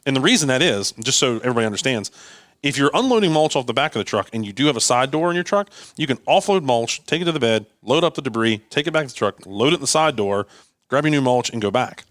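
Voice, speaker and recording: A man in an ordinary middle pitch spins a long, lively story, jumping into the voices of the people he quotes and tripping over his own restarts. The sound is dry and close, with no room around him. He talks like a guest chatting easily on a podcast. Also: quick pace, no echo. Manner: animated, acts out quoted dialogue, frequent restarts. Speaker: guest, landscaping business owner.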